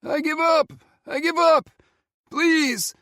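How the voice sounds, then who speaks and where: A man's voice: very high voice, steady tone, takes it slowly, pushed and bright, no echo, studio quality, pitched above the performer's own voice, full character voice. Man doing a lost old man wailing from the woods. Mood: desperate pleading. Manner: pleading, wailing from afar.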